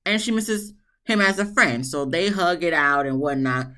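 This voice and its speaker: Woman, casual recap, chatty, sarcastic asides, lowish pitch, bright tone. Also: normal speed. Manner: chatty, animated, mock-quotes people with big pitch swings. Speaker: TV show reviewer.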